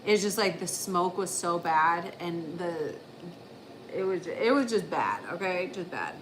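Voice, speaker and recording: A woman's voice: lowish voice, expressive, a little slow, noisy background. A woman on a livestream, casually retelling a story in a rambling way, with frequent swearing. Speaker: livestream host.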